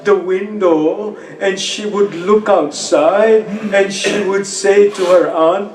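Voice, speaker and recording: High-voiced grieving man preaching slowly. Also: darkish tone, echoey room, low-quality recording. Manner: grief-laden recitation, cries out names. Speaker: speaker at a mourning gathering. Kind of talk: emotional majlis sermon. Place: mosque hall.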